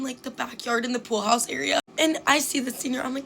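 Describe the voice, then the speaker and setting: A young adult woman telling an embarrassing story to her viewers in a chatty, fast way, full of "like" and acted-out quotes. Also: sits high, steady tone, creaky, fairly bright tone, slight background noise. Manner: chatty, fast, heavy use of "like", acts out quotes. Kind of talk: casual storytime chat.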